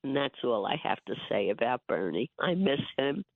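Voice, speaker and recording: An older woman calling in on the phone, hoarse from bronchitis, talking in a feisty, emphatic way. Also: very deep voice, sing-song, moderate pace, no room sound. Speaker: host's mother calling in. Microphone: phone line. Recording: tinny phone line.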